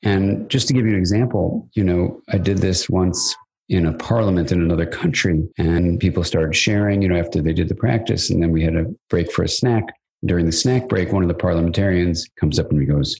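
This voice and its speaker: An older psychiatrist, a guest in an interview, explains ideas at length and tells stories, acting out the quoted dialogue with animation. His voice is low, gravelly and husky, fairly quick, and the recording quality is poor.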